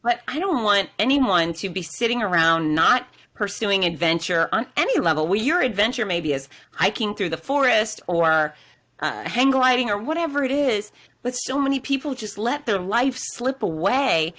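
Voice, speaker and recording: A middle-aged woman, a podcast guest and fitness expert, telling an energetic, expressive story. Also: normal speed. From lives in Florida. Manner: energetic, expressive, dramatizes quotes with big pitch jumps. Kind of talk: animated storytelling in conversation.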